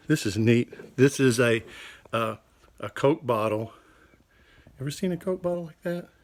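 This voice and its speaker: Older male teacher; upbeat, jokey kid-friendly delivery, recorded in a home office on a handheld camera. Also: medium pitch. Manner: cheerful, corny jokes, speaks to kids. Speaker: children's Bible class teacher. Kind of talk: children's show talk.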